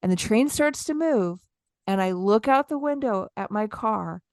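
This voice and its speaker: Speaking a bit slowly, a woman in her thirties co-hosting a podcast recounts a story, playing out what she said in short quoted bits. Her smooth, clear, mid-pitched voice is captured close and dry, with no room sound or echo.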